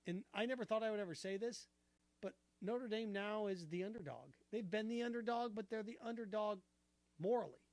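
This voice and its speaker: A man hosting a sports talk show, arguing his opinions with rhetorical questions in an animated, argumentative way. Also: high-pitched, fairly quick, dry recording.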